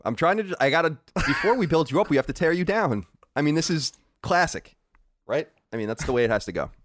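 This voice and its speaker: A podcast host with a fairly high voice talks quickly in a casual chat, animated and argumentative as he presses his points and reads out listener mail. There's no room sound.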